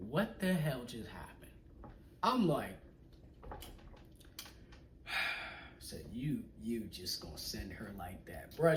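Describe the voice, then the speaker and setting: A young man casually telling a personal story in slangy talk, acting out what people said and often dropping to a hush. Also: mid-range voice. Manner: animated, slangy, acts out quoted people, often drops to a hush. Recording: echoey room, mic at a distance, faint noise.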